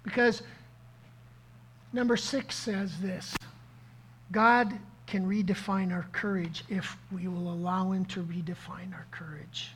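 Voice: medium pitch, steady tone, slow, slight background noise. A pastor preaching a sermon to a live congregation, asking the crowd questions and repeating key lines. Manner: interactive, asks the audience questions, repeats key phrases.

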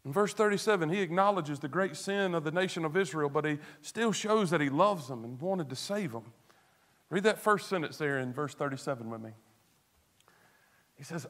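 A man delivers a sermon in a fairly high voice for a man. He is earnest, dropping to hushed tones and rising to emphatic stress. He leans on rhetorical questions and repeats words to drive a point home. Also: expressive, moderate pace. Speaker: pastor.

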